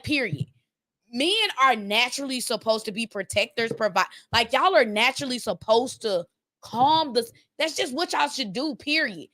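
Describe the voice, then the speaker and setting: A woman's voice: sits high, pushed and bright, dry recording, studio quality. A woman on a podcast panel, arguing in a fiery, profane way and talking over the others. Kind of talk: heated debate.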